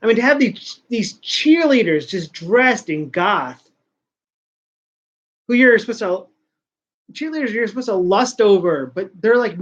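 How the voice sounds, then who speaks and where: Slow, rambling man ranting on a lo-fi recording. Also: high voice, expressive. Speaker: podcast host. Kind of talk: casual rant. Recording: dull lo-fi sound.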